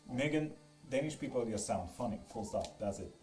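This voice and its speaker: A man's voice: medium pitch, expressive, moderate pace, darkish tone. A man from Sweden reading tarot on a live stream at home, chatting casually with viewers in a teasing way and swearing freely. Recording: roomy echo with music behind.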